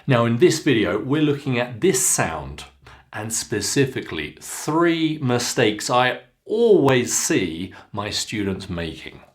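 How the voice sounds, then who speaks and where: A man with a British accent coaching pronunciation to camera. He speaks slowly and deliberately, with a voice of middling pitch, and he models each sound carefully for his learners. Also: big pitch swings. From Britain.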